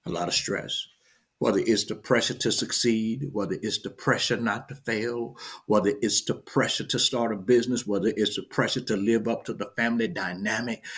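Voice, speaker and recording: A middle-aged man, a pastor giving a casual morning sermon on a livestream, greeting viewers by name and swinging from loud shout-outs to hushed storytelling. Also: lowish voice, slightly rough.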